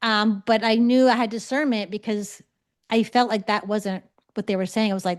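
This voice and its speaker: A woman's voice: mid-range voice, steady tone, moderate pace. A woman teaching a live online class over a video call, talking conversationally and checking in often with her listeners. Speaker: psychic development teacher.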